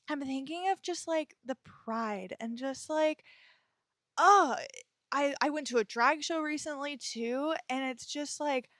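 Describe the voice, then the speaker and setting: A woman's voice: high-pitched, no echo, clean studio sound. A young woman hosting her own podcast, chatting in a bubbly, rambling way with frequent laughs and casual swearing. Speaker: podcast host. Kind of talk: casual solo podcast chat.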